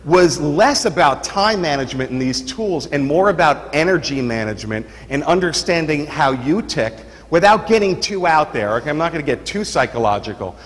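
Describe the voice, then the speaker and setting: Forties New York man, chatty energetic presenter, reverberant hall sound. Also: fairly high pitch, normal speed, hardly any pauses. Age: 40s. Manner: energetic, chatty, lots of "you know" and "right". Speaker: seminar presenter. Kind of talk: live seminar talk. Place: seminar room.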